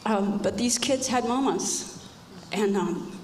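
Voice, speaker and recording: On a church stage, an older woman gives an earnest personal testimony as a panel guest, repeating phrases for emphasis. She speaks slowly in a medium-pitched voice. The hall is echoey with reverb, and there's slight background noise.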